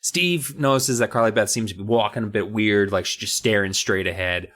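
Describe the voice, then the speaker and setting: A man's voice: fairly low pitch, a little fast, a bit bright. A man co-hosting a podcast, casually recapping a book with swearing and silly voices. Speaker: podcast co-host.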